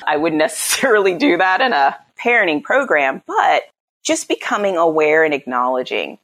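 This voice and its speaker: A woman in her thirties, a parenting coach in a podcast interview, acting out quotes with big pitch jumps. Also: big pitch swings, normal speed, a bit bright.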